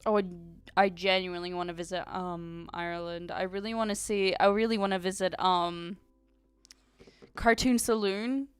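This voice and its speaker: A woman's voice: on the low side, fairly even intonation, normal speed, smooth, no room sound, soft background music. A woman streamer chatting casually and reading chat aloud, giggling often and using lots of fillers. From Ukraine.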